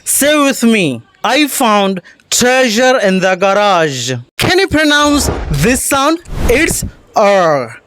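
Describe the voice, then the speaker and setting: A woman teaching English pronunciation in slow, deliberate drills, repeating words for practice. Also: on the high side, big pitch swings, a bit bright. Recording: noisy recording with clicks.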